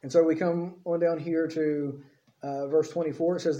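A male preacher with a high, mellow voice teaches through scripture verse by verse. He talks conversationally, often tossing in quick tag questions. The recording is a bit dull and lo-fi. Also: level tone. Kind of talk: expository Bible teaching. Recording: slightly dull lo-fi audio.

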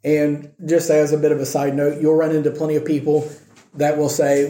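A pastor delivering a sermon in an easy, conversational way, pausing often to check that his listeners follow. His voice sits a little high but sounds mellow. The recording is echoey, as in a church hall. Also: completely flat delivery. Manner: conversational teaching, checks in with frequent "okay?". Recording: echoey room.

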